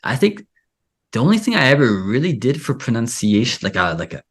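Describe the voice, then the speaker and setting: A man's voice: medium pitch, big pitch swings, fairly quick, slightly rough. A man hosting a casual interview, talking in a rambling way full of filler "like". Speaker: podcast host and Spanish teacher.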